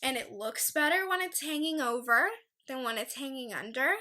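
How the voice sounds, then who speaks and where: A young woman hosting a casual solo podcast, chatty and animated as she rants about pet peeves. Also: sits high, normal speed. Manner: chatty, animated, talks to her dog in a soft baby voice. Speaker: podcast host.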